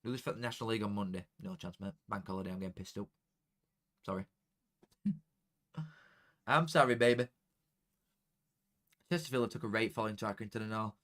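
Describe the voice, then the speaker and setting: A young man talking casually to viewers during a football watchalong, chatty and excitable, dropping into flat mutters and jumping to loud outbursts. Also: on the low side, fairly quick, long pauses. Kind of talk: casual live commentary to viewers.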